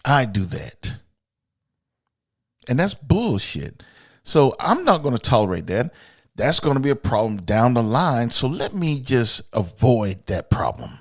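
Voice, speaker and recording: A podcast host delivers a blunt, opinionated monologue laced with profanity, lecturing women directly. His middling pitch swings widely and expressively as he alternates between loud, emphatic outbursts and quieter, muttered asides, all at a moderate pace.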